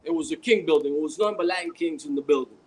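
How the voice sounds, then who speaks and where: Male guest, high voice, rambling anecdote, faint hiss behind. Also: fast, rough recording. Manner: animated, rambling with restarts. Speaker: podcast guest. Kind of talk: casual storytelling.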